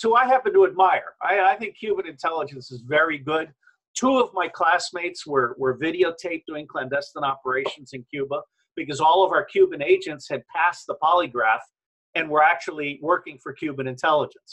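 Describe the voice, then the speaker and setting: A man with a husky, somewhat high voice talks in a forceful, emphatic way, jumping between claims. He comes through a video call whose audio glitches and turns robotic at times. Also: poor audio. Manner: emphatic, rambling, combative. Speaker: guest. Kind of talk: opinionated remote interview.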